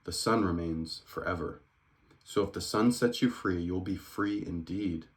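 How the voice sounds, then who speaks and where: A man reading the words of Jesus aloud from scripture in a plain, earnest way, close to his own voice, sometimes quickening. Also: low voice. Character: Jesus, grown man, calm teacher.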